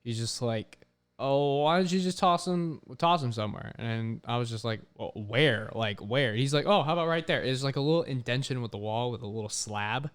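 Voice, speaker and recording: A young man tells a story with plenty of animation, dropping curse words and "like" at every turn. His voice has a smooth, clean tone at an everyday middle pitch. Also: normal speed. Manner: animated, swears often, heavy use of "like". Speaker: podcast host. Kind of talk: casual storytelling.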